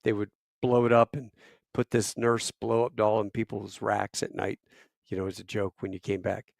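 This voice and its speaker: Man in his fifties, gravelly voice, dry close sound, casual profane storytelling. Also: lowish voice, monotone, moderate pace, no echo. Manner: profane, loud bursts and quiet asides. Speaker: podcast guest.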